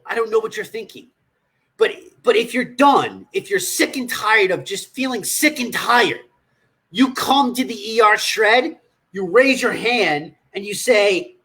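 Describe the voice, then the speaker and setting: A man speaks on a livestream as a nutrition coach, with a husky, slightly rough voice. His talk is blunt and profane, and he scolds his listeners directly. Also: sits high, bright, forceful tone.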